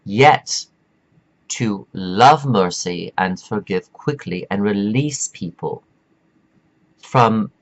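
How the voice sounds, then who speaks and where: A man with a lowish voice delivers a rambling spiritual pep talk straight to his viewers. He drags out key phrases for weight and wanders off on tangents. The sound is dull and lo-fi. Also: expressive. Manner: meandering and preachy, drawn-out emphatic phrases. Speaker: self-help speaker.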